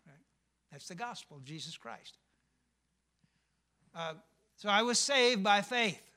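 Bright high-voiced preacher man. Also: expressive, takes it slowly. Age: older. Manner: emphatic, asks the congregation questions. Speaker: pastor. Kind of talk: sermon.

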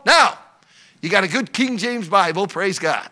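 Fervent high-voiced preacher man. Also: animated, moderate pace. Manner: fervent preaching, swinging between loud emphasis and hushed prayer. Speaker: pastor. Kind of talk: sermon with prayer. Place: church service.

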